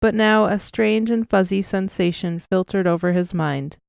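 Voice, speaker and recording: A woman narrating an audiobook in an even, measured storytelling manner. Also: medium pitch, creaky, clear, resonant tone, no echo, clean studio sound. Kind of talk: scripted narration.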